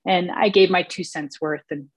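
A woman's voice: on the low side, fairly even intonation, normal speed, husky, no room sound. A woman sharing her story at a recovery meeting, hesitant, with many fillers and restarts. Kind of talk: personal share at a recovery meeting.

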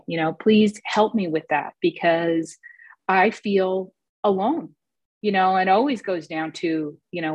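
A woman's voice: on the low side, no room sound. Hesitant woman sharing at a recovery meeting. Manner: hesitant, many fillers and restarts. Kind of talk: personal share at a recovery meeting.

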